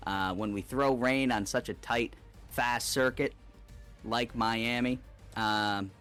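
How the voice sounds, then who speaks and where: A man co-commentating a live online racing league, reflecting on the race with halting speech, repeated words and many fillers. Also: mid-range voice, steady tone, a bit bright, clean tone, soft background music.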